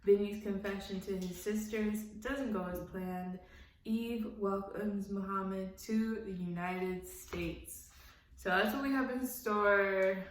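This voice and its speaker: Young woman vlogger, candid and foul-mouthed, slow easy pace, recorded in an echoey room. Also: medium pitch, steady tone, slight background noise. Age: young adult. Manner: candid, profane, laughs often, blunt opinions. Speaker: reality TV recap vlogger. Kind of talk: casual recap commentary.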